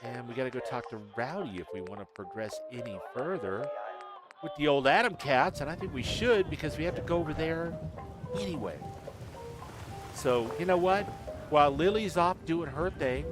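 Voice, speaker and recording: A man's voice: fairly high pitch, expressive, moderate pace. A man streaming a game, chatting casually and joking as he plays. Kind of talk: casual gameplay commentary. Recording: voice over game music.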